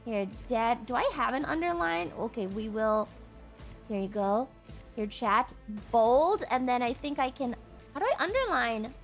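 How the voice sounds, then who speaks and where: A young woman streaming live to her chat, highly emotive, laughing often and swearing freely. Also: big pitch swings, unhurried, creaky, faint music behind.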